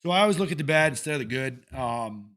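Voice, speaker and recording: A man's voice: mid-range voice, lively intonation, fast, fairly bright tone. A man hosting a solo podcast, talking casually and candidly with plenty of swearing and restarts. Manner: candid, profane, rambling with restarts. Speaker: podcast host. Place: Iowa.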